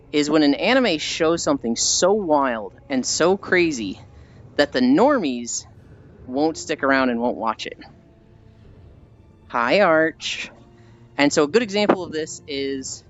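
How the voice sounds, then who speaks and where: A man streams as he walks, rambling casually to his viewers. The audio is dull and lo-fi, and soft music plays behind him. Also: a little high, very animated, slow, long pauses. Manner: rambling, acts out scenes in put-on voices. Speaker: livestreamer. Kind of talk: casual stream chat while walking.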